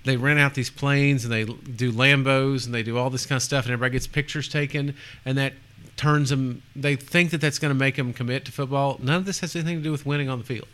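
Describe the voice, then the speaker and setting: Bright-voiced sarcastic man. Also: medium pitch, steady tone, fast talker. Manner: sarcastic, rambling with restarts. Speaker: podcast co-host. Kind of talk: casual sports chat.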